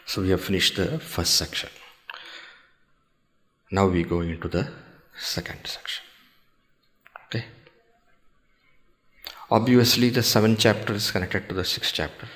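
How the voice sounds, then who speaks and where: A man giving a scripture discourse, explaining slowly and carefully, reciting Sanskrit verses and posing questions to his listeners. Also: low-pitched, fairly bright tone. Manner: slow, measured explaining with pauses and rhetorical questions. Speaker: swami teaching scripture.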